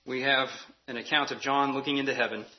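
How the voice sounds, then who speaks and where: A man's voice: medium pitch, fairly even intonation, fast talker, lo-fi sound. A man preaching a sermon as pastor, earnest and emphatic, repeating key phrases for weight.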